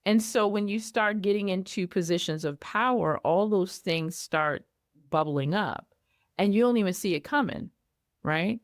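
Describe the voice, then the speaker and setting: A middle-aged woman speaking candidly as an interview guest, telling personal stories in a lively way and acting out her own past reactions. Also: medium pitch, measured pace, no echo, studio quality. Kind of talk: candid conversational storytelling.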